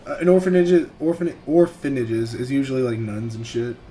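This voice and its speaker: A man's voice: mid-range voice, lively intonation, moderate pace, warm tone, a little hiss or hum. A man playing a tabletop game, talking casually and stammering a bit. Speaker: player.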